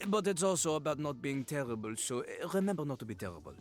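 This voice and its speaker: A man's voice: a little high, very animated, fast talker, faint music behind. An actor playing a pompous male talking toilet, lecturing on rap and breaking into sung rhymes. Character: pompous French male toilet rapping teacher. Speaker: game character.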